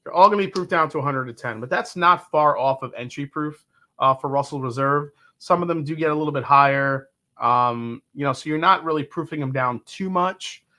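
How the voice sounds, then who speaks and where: A middle-aged man hosting a casual livestream with a bright, forceful voice pitched a touch high. He talks with easy enthusiasm, rambling along and answering viewers' comments as they come in. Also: brisk. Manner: enthusiastic, rambling, reads chat aloud. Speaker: livestream whiskey reviewer.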